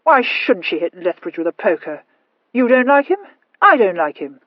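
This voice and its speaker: A woman voicing a tipsy, stolid young Regency gentleman who speaks in slow, clipped, dogged phrases. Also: mid-range voice, very animated, no echo, highs cut off.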